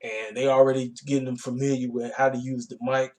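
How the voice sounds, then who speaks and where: A man's voice: medium pitch, flat delivery, fairly quick, darkish tone. A man giving a casual, rambling recap of a wrestling show, talking. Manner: laid-back, colloquial, rambling with fillers.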